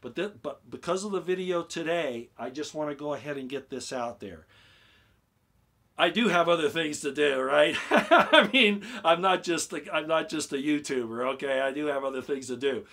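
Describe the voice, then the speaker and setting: A man with a voice on the high side explains things at a moderate pace during a casual YouTube live stream. Excited and prone to repeating himself, he keeps asking viewers "okay?".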